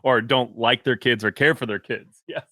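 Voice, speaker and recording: A man's voice: medium pitch, fairly even intonation, normal speed, pushed and bright, no echo, studio quality. A man hosting a podcast, talking casually and hesitantly with many fillers and restarts. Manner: rambling, hesitant, filler-heavy. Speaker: podcast host.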